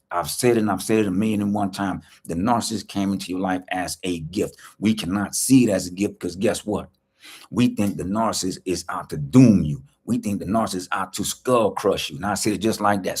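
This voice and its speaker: Male life coach, low and husky, preachy livestream delivery with repeated lines. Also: a little mellow. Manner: preachy, repeats key lines, asks rhetorical questions; speaks straight to viewers, greeting them by name. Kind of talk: motivational livestream talk.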